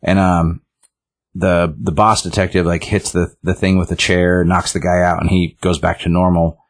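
Man, very deep voice, casual comic recap, rambling, halting restarts. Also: level tone. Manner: rambling, many fillers and restarts.

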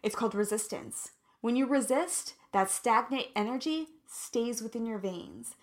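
A woman in her thirties talking candidly and emotionally to her viewers in a personal vlog. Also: a little high. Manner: emotional, candid, drawn-out and reflective. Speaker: vlogger.

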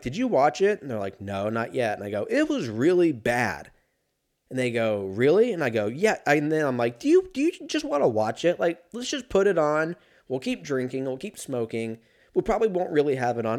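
Rambling profane man, casual comic rant. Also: medium pitch. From Los Angeles area. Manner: rambling, profane, animated with laughs. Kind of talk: casual comedic monologue.

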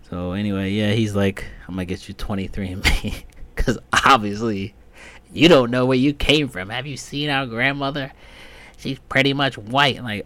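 A man hosting a solo podcast, talking in a rambling, profane way that swings from muttering to loud, high-pitched ranting. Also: moderate pace, no room sound. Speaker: podcast host.

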